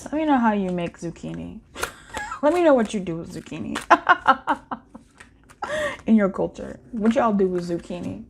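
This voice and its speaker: A woman's voice: medium pitch, lively intonation, fairly quick, creaky, noisy background. A woman doing a casual pick-a-card tarot reading, playful and slangy, with frequent laughter.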